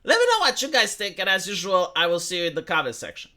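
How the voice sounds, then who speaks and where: A man's voice: high-pitched, huge pitch swings, fast, sharp tone. A man from Romania giving an opinionated political monologue to his viewers, ranting with frequent restarts. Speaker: political commentator streamer.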